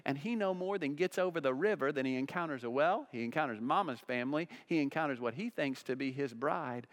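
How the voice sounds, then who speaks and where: A pastor delivers a sermon, his voice swinging from loud, emphatic peaks down to hushed, low passages. He often repeats words for emphasis, and his pace is a little fast.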